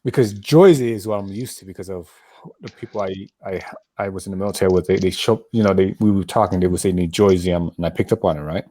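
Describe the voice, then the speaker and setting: A man's voice: low voice, steady tone, quick pace, mellow, dry recording. A man from Colorado chatting casually on a podcast, rambling and repeating himself as he talks. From Colorado, USA. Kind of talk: casual chat.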